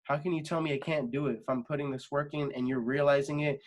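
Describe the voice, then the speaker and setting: A man's voice: on the high side, steady tone, fast talker. A young adult man, a singer guest on a podcast, talking casually and rambling with lots of fillers and swearing. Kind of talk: casual interview chat.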